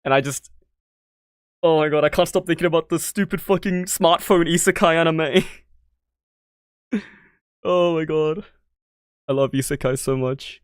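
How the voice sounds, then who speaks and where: A woman's voice: sits low, a little slow, long pauses, dry recording, studio quality. An Australian woman streamer chatting casually through a game playthrough, laughing and swearing as she rambles.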